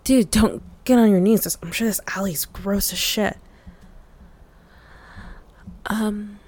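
A woman's voice: medium pitch, creaky, a little mellow, breathy edge, heavily acted. A woman voicing a flustered, frustrated young woman in an audio role-play, stammering and swearing with many fillers.

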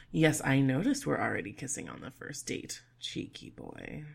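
A young woman in a whispered role-play who speaks in a teasing, playful and bossy way, slipping between hushed whispers and soft murmurs. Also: low-pitched, very animated, a little slow, gravelly, breathy edge. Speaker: audio role-play performer.

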